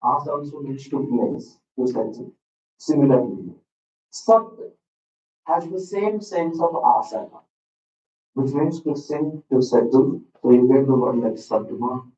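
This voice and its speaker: A man with an Indian English accent giving a classroom lecture, teaching slowly and deliberately, repeating words and checking in with "okay". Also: medium pitch, lively intonation, warm tone, slight background noise. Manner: slow, deliberate teaching with frequent "okay" and repetition. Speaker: lecturer on Sanskrit texts. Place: school hall. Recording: roomy, dull sound from a distant mic.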